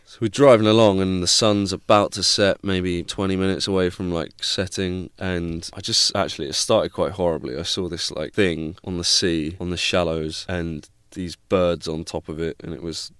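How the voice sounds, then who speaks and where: Low-voiced young man telling a travel story. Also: moderate pace, hardly any pauses, clear, resonant tone, no room sound. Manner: swears freely, animated storytelling. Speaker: vlogger. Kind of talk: casual travel story chat.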